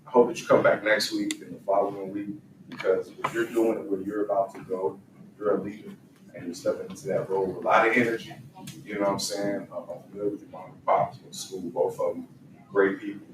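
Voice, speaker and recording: Picked up from across an echoey room with faint background hiss, a man delivers a forceful, sermon-like motivational talk to young men, using call-and-response. His voice is lowish, with little pitch movement and a slightly quick pace.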